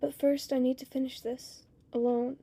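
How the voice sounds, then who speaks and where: A woman voicing a gentle mother who speaks softly and tenderly to her daughter, in a storybook reading. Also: sits high, little pitch movement, normal speed, gravelly, husky, full character voice. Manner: soft, hushed, tender. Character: tearful, gentle mother painting a wall.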